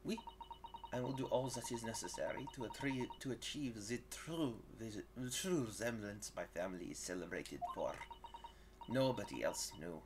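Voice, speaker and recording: A man voicing a proud middle-aged French woman waxwork sculptor, with a put-on French accent, theatrical and deliberate. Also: fairly low pitch, animated, background noise, natural voice. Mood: proud, macabre.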